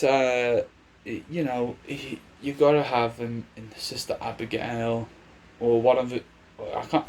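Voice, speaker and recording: Brief: male vlogger, slow and unhurried delivery, chatty and rambling, mid-range pitch. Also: darkish tone. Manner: rambling, chatty, restarts his sentences. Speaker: wrestling commentator. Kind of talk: casual predictions vlog.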